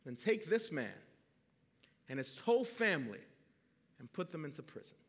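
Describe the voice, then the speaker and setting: A man preaching, voicing a king in a parable who speaks in calm, quiet pronouncements. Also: on the high side, normal speed, in a large hall. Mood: stern. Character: stern king, later gently forgiving.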